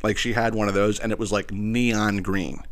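A man's voice: level tone, moderate pace, slight background noise. A man telling a rambling, profane story, with many restarts and fillers, acting out the other people's lines in squealed voices. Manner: acts out quoted voices, squealing high for the woman. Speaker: podcast host. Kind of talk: casual storytelling monologue.

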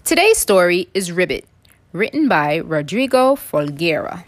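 A woman in her thirties reads a children's picture book aloud at an unhurried pace. Her pitch swings widely as she acts out each animal. Playful and expressive throughout. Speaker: storytime reader, mom. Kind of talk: children's storybook read-aloud.

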